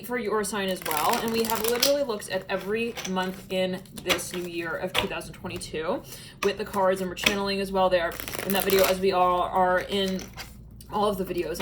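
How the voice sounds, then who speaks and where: A woman's voice: medium pitch, very noisy. A woman giving a casual tarot reading, chatty and musing, often breaking into laughter. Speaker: tarot reader.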